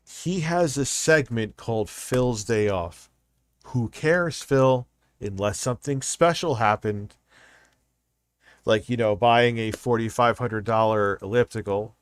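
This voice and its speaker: A man's voice: fairly low pitch, smooth, no echo. Profane ranting man on a stream. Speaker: streamer reacting to videos. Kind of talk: casual live-stream commentary.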